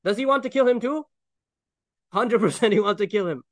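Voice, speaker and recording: A man preaching a sermon, explaining Quran verses with Arabic recitation, animated and joking as he acts out the people in the story. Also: sits high, brisk. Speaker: Islamic preacher.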